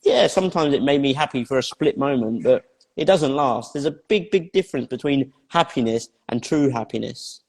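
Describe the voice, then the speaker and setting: A man's voice: mid-range voice, expressive, moderate pace, a little mellow. A man tells his own life story as an interview guest, talking bluntly, swearing often and repeating phrases for emphasis. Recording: long hall reverb.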